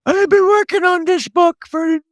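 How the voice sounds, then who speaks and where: A woman's voice: extremely high pitch, fairly even intonation, moderate pace, no echo, studio quality, pitched above the performer's own voice. A woman putting on the voice of a frail, weary elderly person who is still stuck on an unfinished book.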